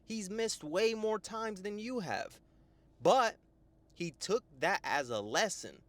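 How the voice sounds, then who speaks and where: A young man and life coach giving a profane, lively motivational monologue, often tagging "right?". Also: high voice, takes it slowly, no echo. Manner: animated, profane, full of "right?" tags.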